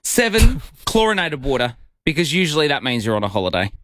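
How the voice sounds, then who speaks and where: A man's voice: on the high side, sing-song, brisk, a bit bright, dry recording. A man co-hosting a breakfast radio show, playful and teasing, given to mock indignation. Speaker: radio co-host. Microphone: studio microphone.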